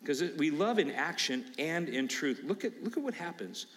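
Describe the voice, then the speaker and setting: A man preaching a sermon as pastor, emphatic, swinging from low asides to loud preaching. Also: sing-song, moderate pace, hardly any pauses, in a large hall.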